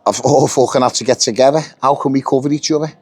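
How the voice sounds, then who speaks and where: A man's voice: mid-range voice, fairly even intonation, quick pace, a little mellow, no echo. Blunt, swearing British man. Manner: blunt, heavy swearing, acts out quoted dialogue. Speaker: union member telling his story. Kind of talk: casual storytelling.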